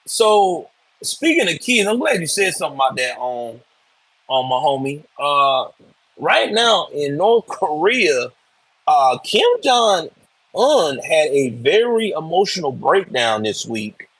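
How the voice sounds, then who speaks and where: A man's voice: fairly high pitch, big pitch swings, slow pace, fairly bright tone, breathy edge, no room sound, rough recording. A man hosting live political commentary, ranting in a blunt, profane, emphatic way.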